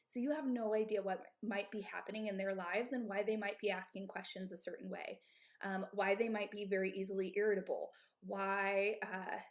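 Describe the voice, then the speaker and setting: A woman in her thirties who owns and coaches at a gym, giving candid, emphatic advice on a live stream. She often checks in with "okay?" and "right?". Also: medium pitch. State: out of breath.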